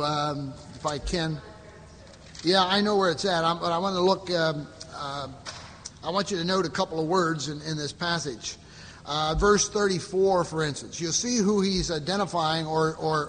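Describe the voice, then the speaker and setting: A man's voice: a little high, measured pace, a bit bright, big-room sound, a little hiss or hum. A man teaching a Bible study to a group, reading verses aloud and explaining them with frequent fillers and restarts.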